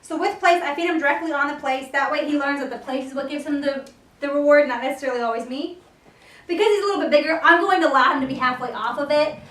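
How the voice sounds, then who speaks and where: A woman's voice: high-pitched, fast talker, fairly bright tone, recorded from a distance. A young woman working as a dog trainer, explaining her methods to viewers between commands and praise to the dog. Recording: echoey room, voice off-mic.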